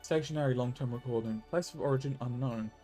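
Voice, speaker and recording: A man's voice: mid-range voice, fast, warm tone, faint music behind. A man streaming a story game, reading its lines aloud and commenting casually. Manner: casual, offhand.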